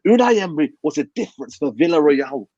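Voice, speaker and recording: Man, husky, hushed, emphatic football rant, muffled lo-fi call audio. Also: a little high, very animated, quick pace, dry recording. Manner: emphatic, repeats yeah and man. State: talking quietly, near a whisper. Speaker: football fan pundit. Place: hotel room. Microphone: video call.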